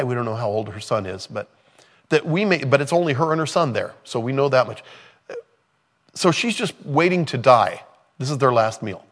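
A man delivering a sermon in a relaxed, conversational voice of middling pitch. He preaches with animated asides, briefly acting out the people in his story. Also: normal speed, in a large hall. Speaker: pastor.

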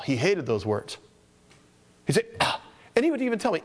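Male pastor, conversational sermon, fairly high voice, long hall reverb. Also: huge pitch swings, normal speed. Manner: conversational storytelling, acting out callers' voices.

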